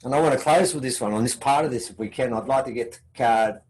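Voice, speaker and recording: A man's voice: fast talker, a little mellow, rough recording. An Australian man giving a conference talk, telling a story and acting out the dialogue in it. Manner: acts out quoted dialogue with shifting pitch. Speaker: conference speaker.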